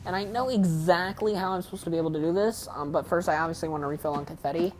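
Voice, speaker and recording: A woman's voice: lowish voice, quick pace, darkish tone, slight background noise. Rambling Southern US woman gamer. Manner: rambling, self-deprecating, many fillers. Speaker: let's player. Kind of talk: casual game commentary.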